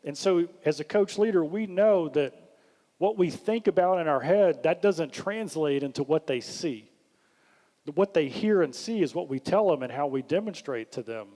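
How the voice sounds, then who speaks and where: A man giving a leadership workshop talk, animated, acting out the questions he suggests. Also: on the high side, normal speed. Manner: animated, acts out questions in a lifted voice. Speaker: workshop speaker. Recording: long hall reverb.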